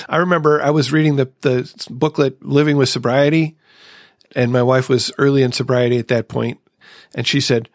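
A man's voice: medium pitch, fairly even intonation, normal speed, no room sound, studio quality. A man hosting a recovery podcast, sharing his own experience in a reflective, casual way. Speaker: podcast host.

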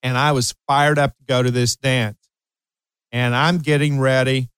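A man's voice: mid-range voice, level tone, unhurried, fairly bright tone, clean tone, no echo, low-quality recording. A man in his late sixties hosting an advice show, talking emphatically to parents and repeating key phrases. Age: 60s. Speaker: radio show host and coach. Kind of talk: advice talk with personal anecdote.

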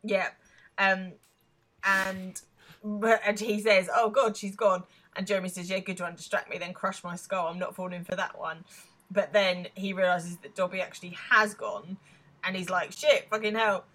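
A woman co-hosting a podcast in casual chat, recapping a TV episode, laughing often and pausing with hesitant ums. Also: medium pitch, little pitch movement, a bit bright. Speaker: podcast co-host.

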